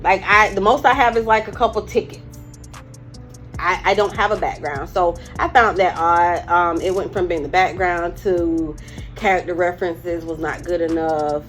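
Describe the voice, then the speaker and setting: A woman's voice: fairly low pitch, steady tone, normal speed, fairly bright tone, faint music behind. A woman in her forties, a firearms instructor, telling her story candidly in a casual interview. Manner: candid storytelling, breaks into laughter retelling.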